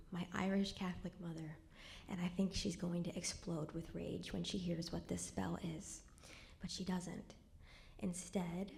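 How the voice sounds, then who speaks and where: With a lowish, gravelly yet mellow voice, a young woman performs a true personal story live at a cultural center. She keeps it wry and conversational, lowering to a near whisper during the somber parts.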